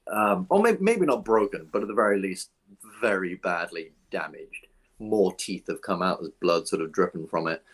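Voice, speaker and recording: Casting note: low, husky male game master, easygoing, describes the action with plenty of fillers. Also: moderate pace. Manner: relaxed, descriptive, thinks aloud with fillers. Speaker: dungeon master. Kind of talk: narrating a tabletop game.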